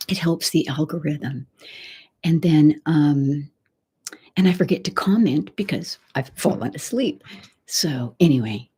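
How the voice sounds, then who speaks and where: Soft-spoken, half-whispering woman ASMR host. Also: deep voice, breathy edge. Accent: Texan. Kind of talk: live stream chat, half whispered.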